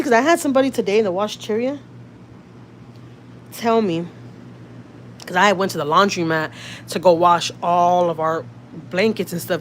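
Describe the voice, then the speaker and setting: A woman's voice: on the low side, slight background noise. A woman from Houston, Texas with a Houston accent, chatting casually with viewers on a livestream from a car, reading comments and swearing freely. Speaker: vlogger, channel host. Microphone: phone.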